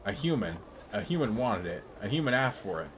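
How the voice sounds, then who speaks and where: A man's voice: on the low side, sing-song, brisk, a bit bright, a little hiss or hum. A man voicing a drunk, angry male blacksmith who grumbles bitterly in broken sentences while reading a game's dialogue.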